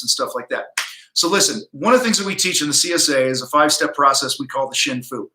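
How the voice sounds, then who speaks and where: Blunt, profane host in an echoey room. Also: male voice, on the high side, brisk, bright, forceful tone, slight background noise. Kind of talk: livestream coaching talk. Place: home office.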